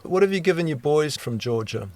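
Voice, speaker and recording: A man's voice: on the high side, expressive, fairly quick, a little mellow. A man interviewing a guest in a conversation, asking curious follow-up questions.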